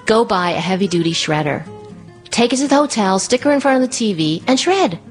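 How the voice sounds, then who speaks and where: A middle-aged woman telling a personal story live, animated, acting out the people in it. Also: a little fast, faint music behind. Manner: animated, acts out her child in a high voice.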